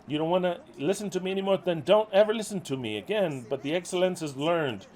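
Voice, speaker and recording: This fast-talking middle-aged ministry leader chews out his followers, cursing in exasperation. He alternates between loud bursts and quiet muttering.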